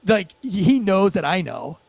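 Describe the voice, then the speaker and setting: Man, high voice, podcast guest, animated storytelling, profane, lots of fillers. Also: unhurried, gravelly, slightly rough, no echo. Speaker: former police officer and podcast guest. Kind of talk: storytelling in a casual podcast interview.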